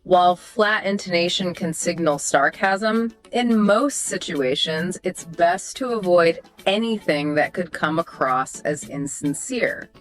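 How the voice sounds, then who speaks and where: A woman's voice: unhurried, few pauses, faint music behind. Woman co-host demonstrating intonation patterns. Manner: explanatory, demonstrates example sentences with exaggerated pitch. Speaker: podcast co-host explaining intonation. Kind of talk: scripted educational podcast chat.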